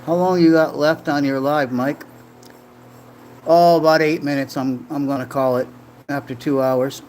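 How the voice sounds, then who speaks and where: Streaming from a room in his home in the Philippines, a Rhode Island man rambles, jokes, and reads out comments from his chat in a casual livestream. His voice is a little high, darkish, and steady in tone, at a moderate pace. Faint music plays behind him.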